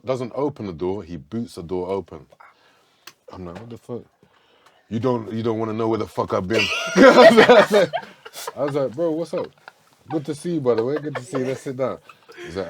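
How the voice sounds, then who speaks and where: Deep-voiced man telling a story. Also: slight background noise. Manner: animated storytelling, repeats himself. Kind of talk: casual chat.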